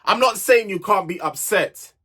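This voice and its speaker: A man's voice: high voice, moderate pace, pushed and bright, breathy edge. A young man recapping a reality show, blunt and exasperated, firing off rhetorical questions. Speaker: reality TV reviewer. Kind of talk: casual recap vlog.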